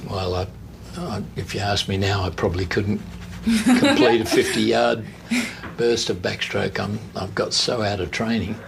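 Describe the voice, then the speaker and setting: Gravelly older Australian man. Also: lowish voice, a little slow, background noise. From Western Australia. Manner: chatty, animated storyteller. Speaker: painter and entertainer.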